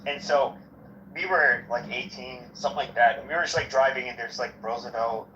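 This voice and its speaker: A man's voice: medium pitch, brisk, bright, forceful tone, a little hiss or hum. A man from Arizona telling crude, provocative stories in casual comedic banter. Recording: muffled, echoey room.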